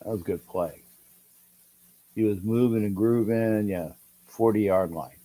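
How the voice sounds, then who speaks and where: A middle-aged man hosting a livestream, calling a football game and answering chat, excitable and repeating himself as he urges his team on. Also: on the low side, a little slow. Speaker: livestream host. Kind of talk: live game-watch commentary with chat.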